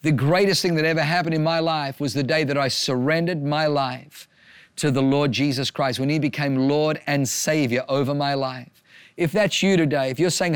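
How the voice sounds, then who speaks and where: A man's voice: a little high, normal speed, clear, resonant tone, dry recording. A man preaching an earnest sermon as a pastor, driving home a repeated refrain with emphasis.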